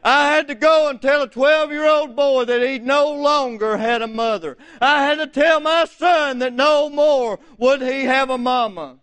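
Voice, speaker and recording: A middle-aged man preaching a folksy, fervent sermon in a church, rising to shouts. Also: very high-pitched, a little slow, few pauses. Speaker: visiting preacher.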